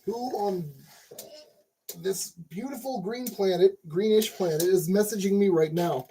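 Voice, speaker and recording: A man's voice: sits high, unhurried, warm tone, slight background noise. A man hosting a casual build tutorial, chatty and jokey, talking to himself as he works. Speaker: channel host giving building instructions.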